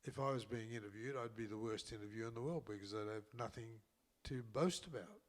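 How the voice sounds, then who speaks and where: A man's voice: lowish voice, fast talker. An older man with an Australian accent, co-hosting a casual chat and telling long, rambling anecdotes with many restarts and chuckles. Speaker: co-host telling stories.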